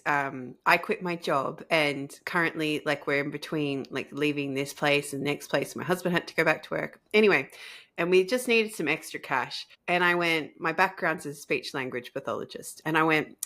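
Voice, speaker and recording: An enthusiastic woman hosts a casual chat. Her voice is low for a woman but bright and forward. She laughs easily between her stories. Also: normal speed. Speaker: host.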